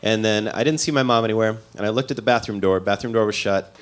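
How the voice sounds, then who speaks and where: A man's voice: fairly low pitch, fast. A man from the American Midwest doing stand-up comedy, telling a story in a loose, self-mocking way with dry asides.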